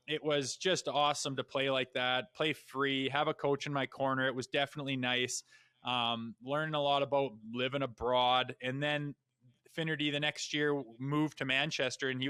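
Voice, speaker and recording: A man's voice: mid-range voice, clear, resonant tone, no room sound. A man talking as a podcast guest, a retired hockey player telling blunt, profane stories in casual chat. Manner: blunt and profane, with animated asides. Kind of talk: casual storytelling.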